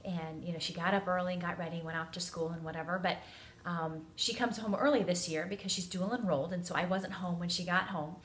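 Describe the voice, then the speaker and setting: A woman in her forties telling a family story in a chatty, animated way, acting out the quotes. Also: lowish voice, fast talker, a little hiss or hum. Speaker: parenting vlogger. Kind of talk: casual storytelling to camera.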